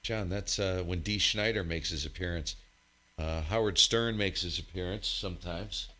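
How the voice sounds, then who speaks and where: A man's voice: low-pitched, normal speed, bright, forceful tone. A man hosting a ham radio live stream from his home radio room, chatting in a rambling, joking way and calling out stations. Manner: rambling, joking, self-mocking. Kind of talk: casual live stream chat and radio contest calls.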